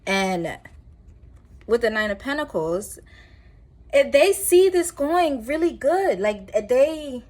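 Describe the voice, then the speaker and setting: Chatty woman giving a tarot reading. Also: mid-range voice. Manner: chatty, rambling, animated asides with laughs. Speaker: tarot reader.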